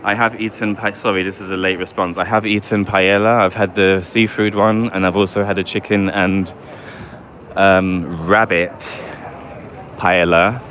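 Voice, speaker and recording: A man's voice: low voice, flat delivery, unhurried, fairly bright tone. A man from England with a London accent, chatting casually on a live walking-tour stream and reading viewer comments aloud while walking outdoors on a city street. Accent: London English. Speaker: vlogger.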